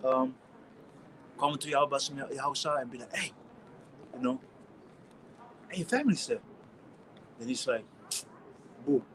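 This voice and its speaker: A man with a German accent teaching scripture in a casual, slangy way, restarting often and reading verses out louder. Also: mid-range voice, expressive, normal speed, long pauses, a little hiss or hum, rough recording. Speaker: street preacher.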